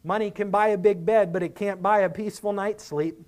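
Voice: medium pitch, steady tone, brisk, a little mellow. A preacher giving an expository sermon, earnest and emphatic, reasoning with the listeners and acting out quoted speakers.

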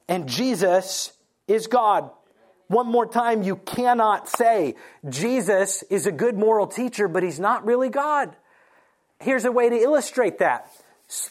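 A preacher giving a sermon in a mid-pitched voice. They act out quoted lines with sudden lifts in pitch, then slow down deliberately to press home key points. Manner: animated storytelling, acting out quoted lines; slows down to stress key points. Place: church morning service.

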